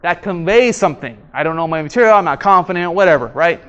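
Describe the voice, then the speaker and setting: Animated male seminar instructor. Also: a little high, quick pace, muffled recording, slight background noise. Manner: animated, quizzes audience and acts out examples. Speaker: workshop instructor. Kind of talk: interactive seminar lecture. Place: training room before a live audience.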